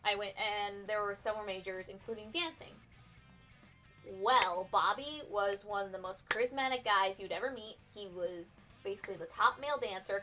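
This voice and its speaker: A woman's voice: medium pitch, a little fast, fairly bright tone, soft background music. A young adult woman casually telling a story while streaming, in a chatty, profane way with frequent restarts. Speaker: artist streaming her work.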